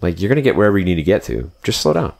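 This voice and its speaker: A man's voice: low-pitched, rapid-fire, creaky. A young man telling a road trip story in casual, rambling podcast chat, full of "like" and "dude". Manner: rambling, animated, fillers like "like" and "dude".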